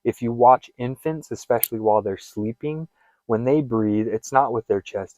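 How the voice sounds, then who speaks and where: A man's voice: medium pitch, moderate pace, darkish tone. A man leads a guided breathing exercise, his voice sitting in a plain middle register. He speaks earnestly and directly to the listener, repeating each instruction. The recording is dry and close, with no room echo. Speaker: fitness and wellness coach.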